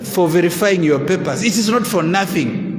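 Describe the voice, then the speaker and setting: A man's voice: sits high, moderate pace. A man with a Ugandan English accent giving a public speech to a gathering and arguing his point with rhetorical questions. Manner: argumentative, full of rhetorical questions. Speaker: Muslim council official addressing a gathering. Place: large echoing hall at a school event. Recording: echoey hall with long reverb.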